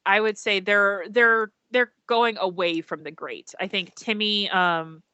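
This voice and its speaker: A woman narrating as game master over a video call, describing scenes with frequent pauses and restarts. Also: medium pitch, steady tone, sharp tone, clean tone, no room sound. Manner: hesitant, many ums and restarts while describing scenes. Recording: dull lo-fi call audio.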